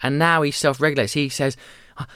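Man, thirties, podcast guest, fast, smooth clear voice, dry close sound. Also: on the high side, no echo. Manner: animated storyteller, quick, acts out voices. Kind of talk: candid conversational chat.

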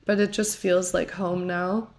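A woman's voice: fairly low pitch, flat delivery, a little slow, a little mellow. A young woman from the United States, a guest on a podcast, chatting casually with lots of "like" and self-corrections. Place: pub.

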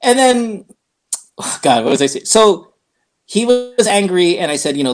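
A man's voice: a little high, normal speed. A middle-aged man, a guest on a casual talk show, telling a story with lots of acted-out quotes and switching between English and Tagalog. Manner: animated storyteller who acts out quoted dialogue; mixes English and Tagalog mid-sentence. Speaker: podcast guest, radio host. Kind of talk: casual interview chat.

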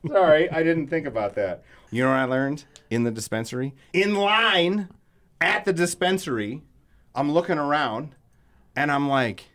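A man's voice: on the high side, lively intonation, measured pace, fairly bright tone. A man co-hosting a podcast, telling loose, profane stories with lots of laughter in casual chat. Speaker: podcast co-host.

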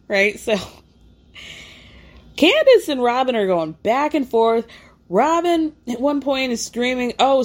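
Woman for a chatty recap, lively, voices each quote, salty language. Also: on the high side. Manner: animated, acts out quotes, swears freely. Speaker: reality TV recapper. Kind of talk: casual storytelling recap.

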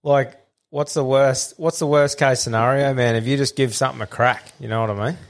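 A man's voice: medium pitch, fairly even intonation, a little fast. An Australian man hosting a podcast, chatting casually in an enthusiastic, matey, sweary way. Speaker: podcast host. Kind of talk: casual chat.

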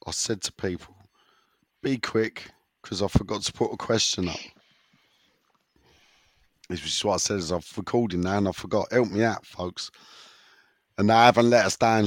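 A man's voice: on the low side, measured pace, pauses often, no room sound. A man with a sore throat hosting a listener question segment in casual podcast chat, rambling and teasing, often tripping over his words.

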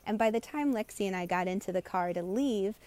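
A woman and meditation teacher talking on a live stream and giving gentle, inviting, unhurried guidance. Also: medium pitch.

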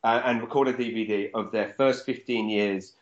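A man, a stand-up comedian, chatting casually and telling stories with animated energy and the odd swear word. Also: on the low side, normal speed. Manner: animated storyteller, swears freely. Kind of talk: casual chat. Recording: dull lo-fi sound.

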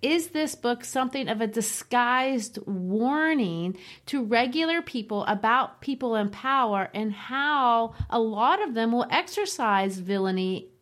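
A woman's voice: on the high side, animated, unhurried, fairly bright tone. A woman co-hosting a book podcast in a conversational discussion style, laughing easily and posing questions to her co-host.

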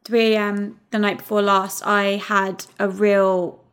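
A woman co-hosting a casual chat, speaking in a halting, reflective way with many pauses. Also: medium pitch, little pitch movement, a bit bright, clear, resonant tone. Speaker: podcast co-host.

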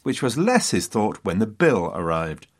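A man's voice: on the low side, wildly swooping pitch, normal speed, slightly rough. A man hosting a history podcast, telling the story dramatically with wry asides to his listeners.

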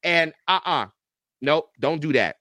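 A man in his thirties or forties, a football coach and YouTube reactor, telling animated, profane, joking stories as a guest on a podcast interview. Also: on the high side, measured pace, dry recording, studio quality. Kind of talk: casual podcast interview storytelling.

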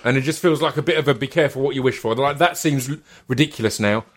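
A man's voice: mid-range voice, quick pace. A man, hosting a podcast and telling a story in casual, sweary chat with stammered restarts. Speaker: podcast host.

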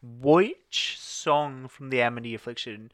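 A man, dry and teasing in a deadpan way as a podcast co-host. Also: medium pitch, a little slow, no echo. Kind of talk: casual chat.

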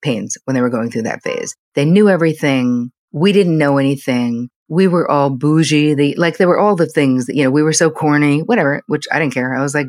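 An older woman, a psychotherapist and podcast guest, telling candid stories about family in a lively, conversational way. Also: low voice, no room sound. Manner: candid, animated storyteller, speaks in quick bursts. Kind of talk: conversational interview storytelling.

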